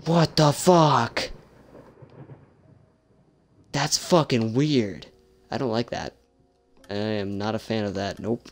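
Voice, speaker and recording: A man's voice: on the low side, a little slow. A young man casually commenting on a horror game he is playing, sarcastic and jumpy, swearing often. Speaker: gameplay streamer.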